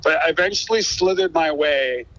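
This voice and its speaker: A man's voice: on the high side, normal speed. A man, a guest musician, telling stories energetically in a casual interview and acting out the dialogue. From Buffalo, New York. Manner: energetic, acts out quoted dialogue. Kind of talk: animated storytelling in casual conversation. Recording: dull lo-fi sound.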